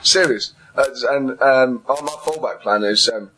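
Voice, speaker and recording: A man's voice: medium pitch, normal speed. A man, a stand-up comedian, telling a funny story on a comedy panel and laughing often. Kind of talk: comic panel chat, anecdote. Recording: noisy live venue recording.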